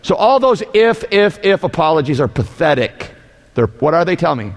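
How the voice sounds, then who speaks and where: Gravelly preacher man in a reverberant hall. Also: fairly high pitch, a little fast. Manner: animated preaching, mocking voices, shouting at times. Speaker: pastor. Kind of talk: sermon.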